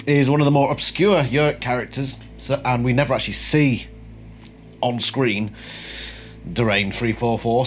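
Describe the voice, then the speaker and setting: A man hosting a lore video from a home room under redecoration, talking in a rambling, chatty, self-deprecating way. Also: medium pitch. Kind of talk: casual talking-head commentary.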